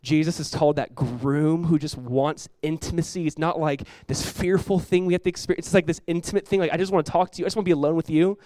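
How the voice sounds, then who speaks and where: A young man preaching a sermon as pastor, in a loose conversational way, peppered with "like" and quick acted-out quotes of Jesus and the disciples. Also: on the high side, fairly even intonation, dark tone, no room sound.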